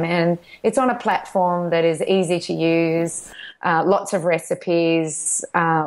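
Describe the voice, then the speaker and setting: Gravelly woman, eager rambling talk. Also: fairly low pitch. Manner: enthusiastic, rambling storytelling with restarts. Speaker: documentary filmmaker, guest. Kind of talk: casual interview chat.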